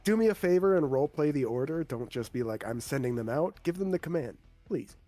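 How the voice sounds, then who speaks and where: A man's voice: a little high, expressive, quick pace, warm tone, dry recording, faint music behind. A man running a tabletop game as game master, narrating scenes in a casual, descriptive way and directing the players.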